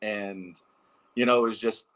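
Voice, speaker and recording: A man in his thirties tells casual stories as an interview guest, animated and loose, with filler words everywhere. His voice sits low but has a bright, forceful edge. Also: a little slow. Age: 30s. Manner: animated anecdotes, many fillers. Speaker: former pro baseball pitcher, guest.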